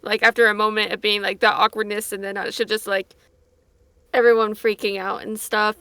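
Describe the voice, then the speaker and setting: A woman player describes her character's actions in a bright, gravelly voice that sits fairly high. She rambles, filling her lines with "like." The recording is dry. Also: little pitch movement, fairly quick, no room sound. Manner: rambling, many "like"s. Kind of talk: casual tabletop play.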